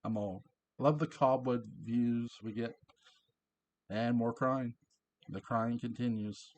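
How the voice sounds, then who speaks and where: A man talks through an old TV episode in a relaxed, chatty recap. His voice sits at an ordinary middle pitch. He laughs freely and drops into quoted lines along the way. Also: slow, slight background noise. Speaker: show reviewer.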